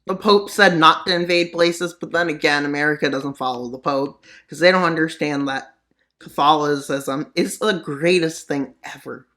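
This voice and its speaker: At a normal speed and in a sharp tone, a channel host jokes his way through a map scenario, tossing in sarcastic asides and mock-serious mutters. His voice rises for the punchlines and falls low for the mutters, typical of this mapping narrator's geopolitical humor.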